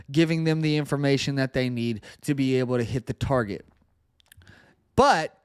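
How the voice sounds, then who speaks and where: A man's voice: mid-range voice, clean tone, dry recording, clean studio sound. A male podcast host giving earnest political commentary, often repeating words as he presses a point.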